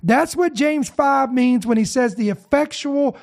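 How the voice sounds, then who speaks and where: A woman's voice: high-pitched, measured pace, a little mellow. Fervent woman preaching on a talk show. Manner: fervent, quoting scripture. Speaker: co-host. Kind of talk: preaching commentary.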